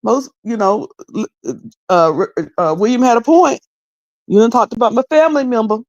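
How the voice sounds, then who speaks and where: A woman's voice: a little high, moderate pace, a little mellow, dry recording, highs cut off. A middle-aged woman giving loose, candid commentary on a video, rambling and often repeating herself. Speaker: online commentator.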